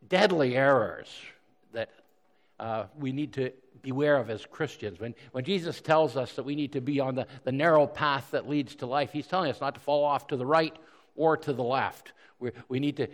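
A pastor preaching a sermon in an earnest way, often repeating words and asking rhetorical questions. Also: male voice, mid-range voice, fairly bright tone. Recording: long hall reverb.

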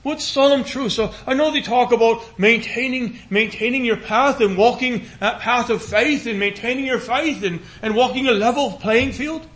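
A very high voice carries this sermon, preached earnestly and with a pleading cadence. The man repeats phrases and eases into a slower, hushed tone when reading scripture.

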